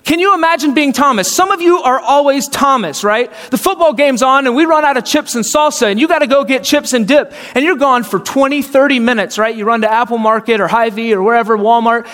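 High-voiced pastor preaching in a reverberant hall. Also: male voice, a little fast, few pauses, a bit bright. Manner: conversational, acts out quoted voices, rhetorical questions. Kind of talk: sermon.

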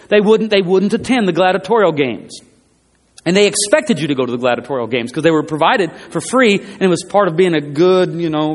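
A high-pitched male preacher delivers an emphatic sermon and doubles back on his phrases to drive each point home. His voice rings out through the long reverb of a church hall. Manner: emphatic, repeats phrases, rising and falling delivery.

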